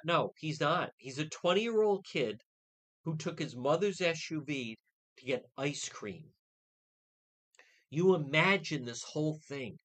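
A man hosting a radio talk show, ranting indignantly and mocking others' words in quick put-on quotes. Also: fairly high pitch, expressive.

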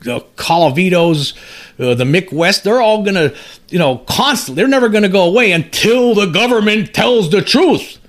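Reading an article aloud and remarking on it, this UFO channel host in his fifties has a high-pitched, expressive voice. His casual delivery halts and restarts repeatedly, rising in pitch whenever he grows worked up.

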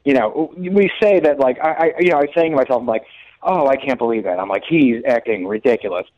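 Fast, animated man on a dull line. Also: medium pitch. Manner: excitable, profane storyteller. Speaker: co-host. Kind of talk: casual comedic chat. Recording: dull lo-fi sound.

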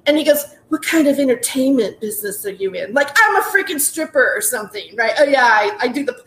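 A woman's voice: high-pitched, expressive, quick pace, fairly bright tone, echoey room, slight background noise. A woman in her forties, a comedian telling a rambling story full of "like"s, restarts and laughing asides. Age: 40s. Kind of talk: casual storytelling monologue.

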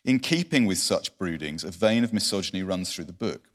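A man in a book discussion, speaking in a measured, reflective way. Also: deep voice, lively intonation. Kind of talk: reading a review, then casual discussion.

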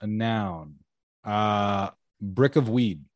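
A man's voice: on the low side, extremely slow, dull audio. A man chatting on a podcast as a guest, laid-back with dry jokes. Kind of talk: casual chat.

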